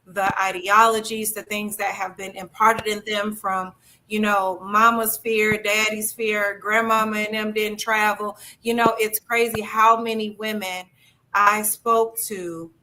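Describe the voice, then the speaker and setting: A woman's voice: mid-range voice, bright, forceful tone, a little hiss or hum, low-quality recording. A woman co-hosting a podcast, speaking in a reflective, earnest casual chat. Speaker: podcast co-host.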